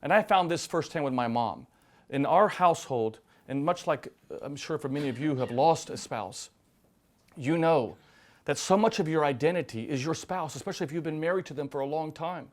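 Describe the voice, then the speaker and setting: A priest with a slightly high voice speaks fairly quickly in a sermon before a live audience. Stories with acted quotes fill his delivery, which ranges from loud and emphatic to hushed and quiet.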